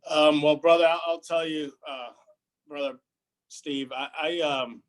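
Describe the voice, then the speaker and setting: A man's voice: a little high, steady tone, unhurried. A man answering a union member's question at a virtual town hall, starting hesitantly with restarts and fillers. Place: video call.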